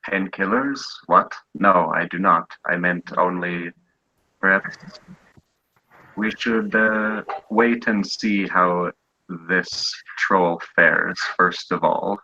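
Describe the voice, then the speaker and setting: A man doing a slow, deep-voiced deferential retainer. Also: steady tone, bright, forceful tone, full character voice. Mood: cautious. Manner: slow, measured and formal. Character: cautious, deferential male retainer. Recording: dull lo-fi audio.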